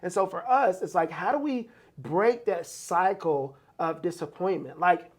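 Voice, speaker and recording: A co-host in a casual motivational chat who speaks conversationally and reflectively, often pausing on fillers. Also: mid-range voice, lively intonation, breathy edge. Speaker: podcast co-host.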